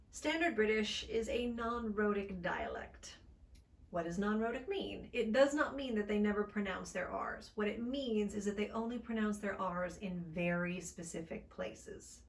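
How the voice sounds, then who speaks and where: A woman teaches an accent lesson as a speech coach, upbeat and encouraging. Her articulation is crisp and deliberate, and her voice sits at an ordinary middle pitch for a woman. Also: far from the mic.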